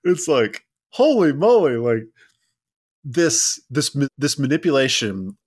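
A man's voice: mid-range voice, very animated, slow pace, breathy edge, no room sound, studio quality. A man co-hosting a casual history podcast, rambling with many fillers and restarts. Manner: rambling, lots of "like" and restarts, laughs at ironies. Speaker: podcast co-host.

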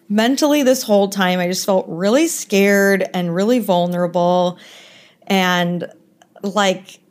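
A young woman telling a personal story as a podcast guest, candid and conversational, with many "like" fillers. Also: mid-range voice.

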